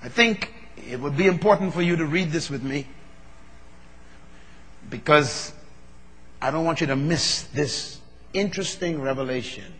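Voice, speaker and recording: A man preaching a sermon, moving from low, measured talk to loud, fervent preaching. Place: large hall. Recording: long reverb of a large hall.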